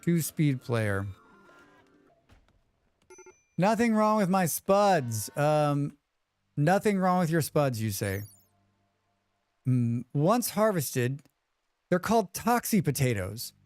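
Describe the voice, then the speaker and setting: A man hosting a live game stream, chatting quickly with viewers and thinking aloud as he plays. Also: on the high side, very animated, darkish tone, clean tone, dry recording, faint music behind. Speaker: livestream game host. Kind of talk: casual live gameplay commentary.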